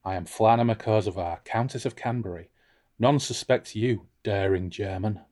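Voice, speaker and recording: A seductive, scheming noblewoman, read aloud by a man. The voice sits low and soft, with no attempt at a falsetto. It is an unhurried audiobook-style reading inside a book chat. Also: lightly acted.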